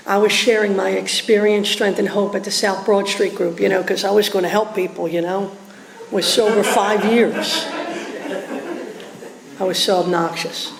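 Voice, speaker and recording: A woman giving a lively personal testimony at a recovery meeting, acting out the voices of people in her story. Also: medium pitch, a little hiss or hum. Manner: animated storytelling, acts out voices. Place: meeting hall. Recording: echoey hall recording.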